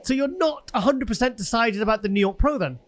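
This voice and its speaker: A British man co-hosting a casual bodybuilding interview, chatty and animated, telling stories and laughing easily. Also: extremely high pitch, fast talker. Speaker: co-host, bodybuilding personality.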